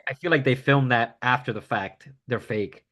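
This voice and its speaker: A man's voice: mid-range voice, moderate pace, fairly bright tone. A man co-hosting a podcast in casual chat, skeptical, often trailing off and mumbling. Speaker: podcast co-host.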